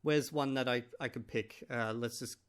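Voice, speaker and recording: A man's voice: mid-range voice, fairly even intonation, normal speed, clean tone. A man talking casually to his viewers in a chatty, joking way. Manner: chatty, jokey, addresses viewers as guys. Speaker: language-learning vlogger. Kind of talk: casual talk to camera.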